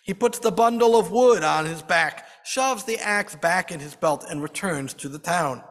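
A man's voice: sits high, moderate pace, fairly bright tone. A man narrating a folk tale dramatically, with varied emphasis, as a storyteller in a large hall.

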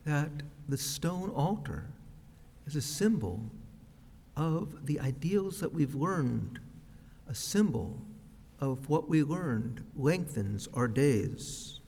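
A man preaching a sermon as a rabbi, with a slow, measured, reflective delivery. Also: a little high, expressive, darkish tone, husky. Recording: long reverb of a large hall.

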